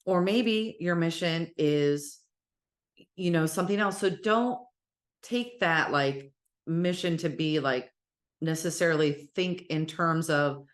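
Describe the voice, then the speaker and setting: A woman teaching casually about spirituality, speaking in an animated, encouraging way and sometimes cheering in playful voices. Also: fairly low pitch, a little slow. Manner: warm encouraging address.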